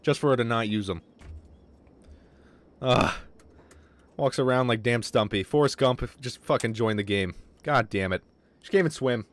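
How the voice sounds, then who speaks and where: A young man commentating his game on a livestream, excitable and swearing, with quick outbursts of frustration. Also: mid-range voice. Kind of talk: casual gaming livestream commentary.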